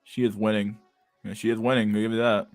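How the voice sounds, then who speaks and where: A man's voice: fairly low pitch, flat delivery, quick pace, no room sound, soft background music. A young man reacting to videos in casual, profane commentary, incredulous and sarcastic, who keeps calling people dude. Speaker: stream host reacting to videos.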